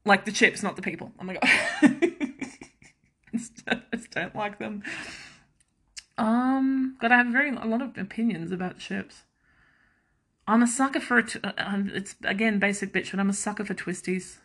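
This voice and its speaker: Bright chatty woman. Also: medium pitch. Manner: chatty and self-mocking, quick asides, laughs often. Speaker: podcast host. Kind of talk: casual chat.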